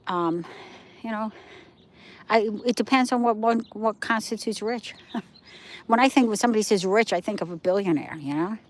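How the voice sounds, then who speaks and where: A woman's voice: medium pitch, moderate pace, long pauses. Older woman chatting on a livestream. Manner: rambling, chatty, answering viewer comments. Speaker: livestream host. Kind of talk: casual live-stream chat.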